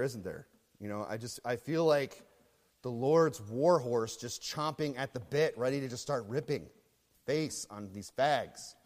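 A man preaching a sermon as pastor, swinging between low muttering and loud shouting. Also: long reverb tail.

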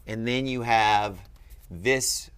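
A man's voice: on the low side, drawn-out words, fairly bright tone, clear, resonant tone. A man teaching at a board in a room, explaining patiently and checking in with frequent "okay?".

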